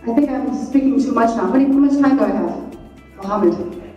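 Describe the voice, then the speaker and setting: A high-voiced woman giving a motivational talk to a live audience. She is animated and acts out the scolding voice in her head. The sound is heavily echoey, picked up from a distance in the hall, with faint music behind. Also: a little fast, dull audio. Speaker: speaker.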